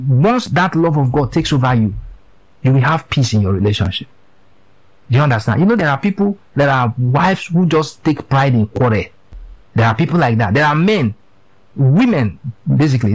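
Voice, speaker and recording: Emphatic preacher man, lively pitch. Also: slightly rough, rough recording. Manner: emphatic, repetitive, often checks in with listeners. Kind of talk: sermon.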